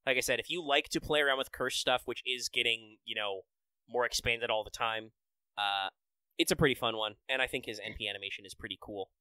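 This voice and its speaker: A man's voice: medium pitch, fairly quick, sharp tone, clear, resonant tone, dry recording, poor audio. A man hosting a casual podcast, enthusiastically breaking down game details with many fillers. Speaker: podcast host. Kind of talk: casual podcast chat about a mobile game.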